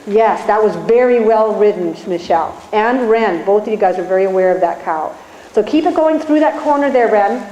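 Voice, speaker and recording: With lively intonation and a warm, mid-range voice at normal speed, a woman riding instructor coaches live indoors, talking riders through each step in a directive, encouraging way. The muffled recording carries the arena's echo and faint ambient noise.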